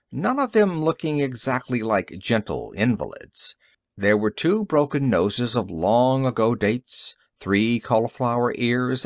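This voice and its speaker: A man narrating an audiobook story in an expressive, varied reading. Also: mid-range voice, no room sound, studio quality. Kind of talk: scripted narration.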